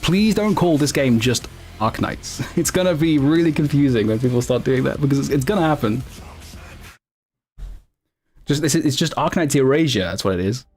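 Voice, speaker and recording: Animated yet darkish and slightly rough in tone, this man's medium-pitched voice keeps a moderate pace. He's chatting with viewers on a casual stream, answering them in a rambling way, correcting himself and laughing often.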